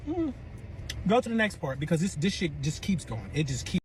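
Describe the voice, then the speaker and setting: A man's voice: fairly high pitch, sing-song, brisk, a little mellow, slight background noise. A man telling a dramatic breakup story in a profane, boastful rant, acting out the other voices. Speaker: storyteller in a reacted clip.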